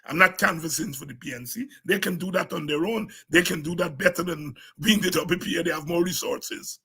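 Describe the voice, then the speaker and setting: A man with a Guyanese accent giving an impassioned political address as a party leader, forceful and emphatic, repeating words for stress. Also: fairly high pitch, brisk, slightly rough.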